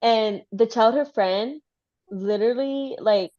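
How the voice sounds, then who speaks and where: A woman hosting a casual chat, retelling a story in an animated way with many "like" fillers. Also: a little high, takes it slowly. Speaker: host. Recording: slightly dull lo-fi sound.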